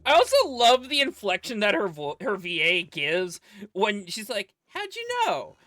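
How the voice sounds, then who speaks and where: A man's voice: high voice, big pitch swings, moderate pace, a bit bright, no room sound, soft background music. A man streaming a video game, chatting and laughing about the scenes as he plays. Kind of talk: casual gameplay commentary.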